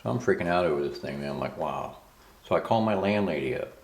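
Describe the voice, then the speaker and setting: An older man with a very low, deep voice spins a rambling, folksy story, full of asides. His voice sounds roomy and echoing, as if he were in a bare room. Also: animated, racing, gravelly. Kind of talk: casual spoken story, voice-over. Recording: roomy echo.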